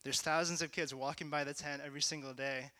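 A young man sharing a testimony in a casual, rambling way, full of "like" and "you know", at times rising to shouting. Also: on the high side, fairly even intonation, fast, no room sound. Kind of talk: testimony talk.

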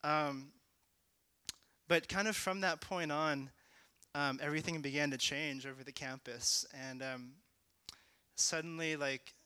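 A young man sharing a testimony in a casual, rambling way, full of "like" and "you know", at times rising to shouting. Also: on the high side, steady tone, a little slow, clear, resonant tone, dry recording. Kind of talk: testimony talk.

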